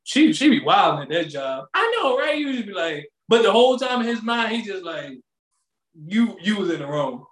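A man co-hosting a podcast, chatting casually with slangy, animated storytelling. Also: high voice, fairly quick, hardly any pauses, echoey room. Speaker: podcast co-host. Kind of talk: casual chat.

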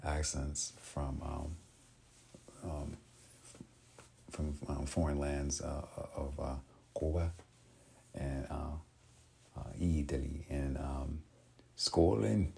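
A man hosting a casual solo podcast, speaking haltingly with many pauses and restarts. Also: a bass voice, fairly even intonation, creaky, warm tone, slight background noise. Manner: halting, full of ums and restarts. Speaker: podcast host.

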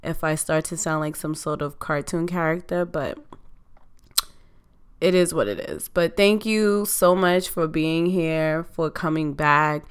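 A woman hosts her podcast in relaxed, unhurried chat, taking her time over each thought. Her voice sits a bit low and stays clean and smooth, though a slight hoarseness shows she is still recovering. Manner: conversational, reflective, drawn-out delivery. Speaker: podcast host.

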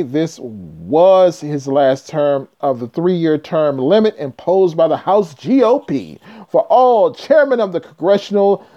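High animated man with profane asides. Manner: reads news aloud with blunt, profane asides. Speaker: trucking video host. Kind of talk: casual commentary on news. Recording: dull lo-fi sound.

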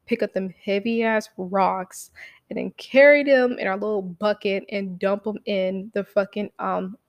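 A young woman telling a casual story about her own life, profane and animated, full of fillers and acted-out quotes. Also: mid-range voice, a little slow, muffled recording.

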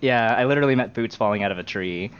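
A man's voice: lowish voice, fast, a bit bright, clean tone. Rambling man telling stories, lo-fi. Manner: rambling anecdotes with acted quotes. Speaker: podcast co-host. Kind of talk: casual chat, storytelling. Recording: dull lo-fi audio.

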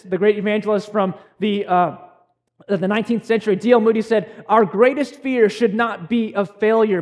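High-voiced young male pastor preaching. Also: a little mellow. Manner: earnest, conversational preaching with many pauses and restarts. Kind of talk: sermon.

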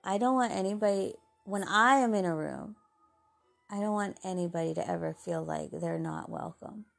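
Gravelly-voiced woman giving heartfelt encouragement. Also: medium pitch, moderate pace, faint music behind. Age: adult mother. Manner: earnest and heartfelt, softening into gentle asides. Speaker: podcast host. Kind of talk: faith-based encouraging monologue.

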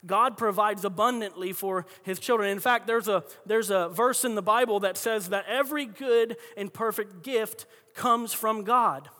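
A man preaching a sermon with a high, bright, forceful voice. He tells stories conversationally and keeps restarting his sentences. A long hall reverb hangs behind every phrase. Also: normal speed, hardly any pauses. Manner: conversational storytelling with frequent restarts. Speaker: pastor.

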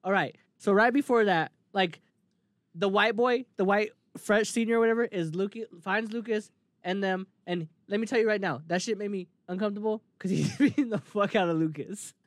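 A man's voice: high voice, moderate pace, dry recording. A young man in casual chat, retelling scenes with lots of swearing and laughter. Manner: animated retelling, swears freely, laughs often.

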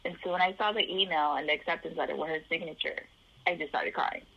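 Low husky woman telling her story. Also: quick pace, lo-fi sound. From Chicago area. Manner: animated, acts out the voices of people in her story. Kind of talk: personal storytelling in an interview.

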